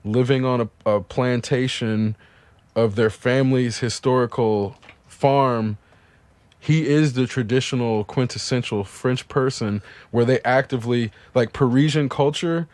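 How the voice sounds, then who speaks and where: A man of middling pitch holding forth in a casual podcast conversation, building long arguments and cursing offhandedly. His voice sits dry and close to the mic, with no room around it. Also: measured pace, darkish tone, no echo. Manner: opinionated, argumentative, swears casually. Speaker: podcast co-host. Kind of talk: casual chat.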